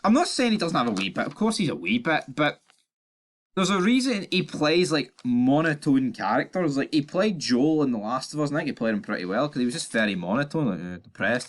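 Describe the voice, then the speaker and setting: A man's voice: mid-range voice, very animated, brisk. Blunt, sweary young Scottish man. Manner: blunt, sweary, sarcastic, stumbles over words. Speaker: YouTube channel host. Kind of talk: opinionated ranting commentary.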